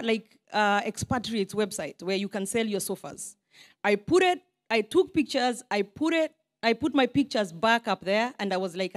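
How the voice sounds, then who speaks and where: A Kenyan woman in her forties giving an informal, self-deprecating speech to a crowd as a politician, with Swahili asides. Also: on the high side. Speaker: politician addressing a diaspora meeting.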